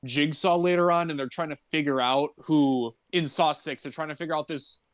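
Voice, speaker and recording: A man co-hosting a podcast who talks casually and rambles at length, laughing easily as he goes. His voice is a little high, and the recording is dry and close. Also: fairly even intonation, a little fast, clear, resonant tone, no echo. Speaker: podcast co-host. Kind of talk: casual chat.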